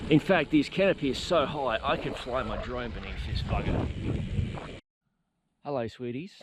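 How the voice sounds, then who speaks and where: A chatty man talks his viewers through a bike ride, speaking casually in a mid-range voice. He was recorded outdoors on the move, with clear wind and road noise on the camera audio. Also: medium pitch, animated, fairly quick. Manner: chatty, talks to dogs and viewers while riding. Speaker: cycling vlogger. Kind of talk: casual ride vlog narration. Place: outdoors on rural roads while riding a bike.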